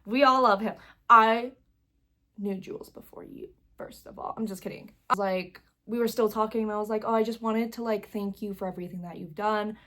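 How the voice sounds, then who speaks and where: A woman's voice: mid-range voice, fairly even intonation, a little fast, sharp tone. A young woman telling a concert story in a casual vlog, gushing and rambling with lots of fillers, sometimes close to tears. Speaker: vlogger.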